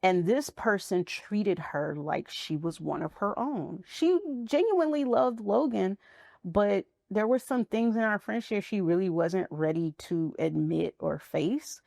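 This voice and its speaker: A woman's voice: mid-range voice, expressive, unhurried, gravelly, darkish tone, no room sound, clean studio sound. A woman guest in a candid interview, talking frankly and reflectively about motherhood and friendship.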